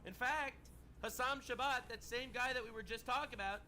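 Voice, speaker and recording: A man with a high, bright voice hosts a streamed reaction show. He mocks what he watches in a sarcastic, needling tone. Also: moderate pace, slight background noise. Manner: sarcastic, mocking. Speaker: stream host. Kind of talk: reaction commentary.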